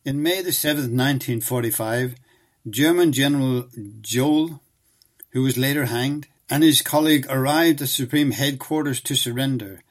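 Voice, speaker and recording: A man giving scripted documentary narration in a measured, even reading style. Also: medium pitch.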